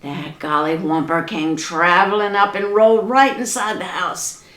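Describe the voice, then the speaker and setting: A woman telling a folk tale in a lively, dramatic, folksy way. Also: fairly low pitch, a little slow. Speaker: storyteller. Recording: echoey room.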